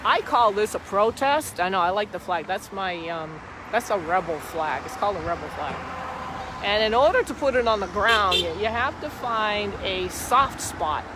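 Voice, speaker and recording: A woman's voice: mid-range voice, animated, moderate pace. A woman talking on a casual live stream from a phone, outdoors by a street, in a rambling, repetitive, emphatic way. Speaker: livestreamer at a street protest. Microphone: phone camera held by the speaker. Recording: outdoor phone video with traffic and wind noise.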